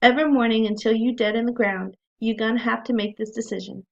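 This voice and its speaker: A woman's voice: a little high, steady tone, fast talker, vocal fry. A woman trying a stern Southern-accented older woman. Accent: Southern US attempt. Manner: reading a quote aloud in a put-on dialect. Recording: dull lo-fi recording.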